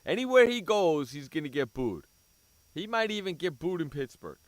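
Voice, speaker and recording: A man with a high, very animated voice rants on a sports talk radio show. He is blunt and profane, jumping up and down in pitch as he argues. The sound is dry and close to the mic. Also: moderate pace, dry recording.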